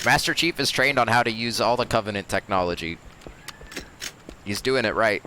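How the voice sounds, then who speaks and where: A man's voice: on the low side, animated, moderate pace, pushed and bright. Laid-back man rambling over gameplay. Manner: rambling, loose, swears casually. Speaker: let's play host. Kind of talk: casual gameplay commentary. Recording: game audio noise behind.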